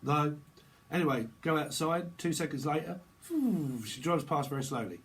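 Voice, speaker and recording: A man's voice: fairly high pitch, animated, normal speed, poor audio. A man giving a casual, rambling tarot reading, laughing often and using slang. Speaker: tarot reader.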